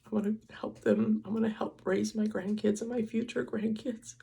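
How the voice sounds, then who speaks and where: Tearful older woman with a gravelly voice. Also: mid-range voice, fairly even intonation, normal speed, mellow. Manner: emotional, tearful confiding. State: crying. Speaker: vlogger. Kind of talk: personal vlog.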